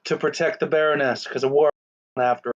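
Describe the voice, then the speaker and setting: A man's voice: on the high side, fairly even intonation, fairly quick. A man playing a tabletop game, thinking aloud hesitantly as he plans his moves. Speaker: player. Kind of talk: casual tabletop play. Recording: dull lo-fi mic.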